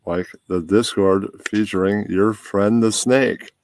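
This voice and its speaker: Very deep-voiced man, dry close sound. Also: slow pace, dry recording. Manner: relaxed, rambling, talks to himself while setting up. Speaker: podcast host. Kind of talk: casual chat before a live stream.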